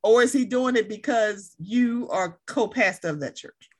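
A woman co-hosting a casual chat, talking in an animated, profane way and acting out heated rants. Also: fairly high pitch, moderate pace.

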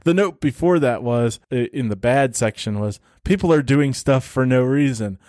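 A man casually talking through a movie he watched, animated and laughing often as he mimics the characters in quick asides. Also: mid-range voice, dry recording, studio quality. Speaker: podcast host reviewing a movie. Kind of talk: casual chat.

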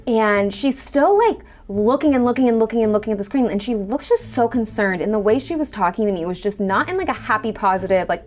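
A woman's voice: mid-range voice, expressive, fairly quick, few pauses, darkish tone, faint music behind. A woman telling her own story in a conversational way, acting out the dialogue she quotes. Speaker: storyteller guest. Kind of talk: personal storytelling.

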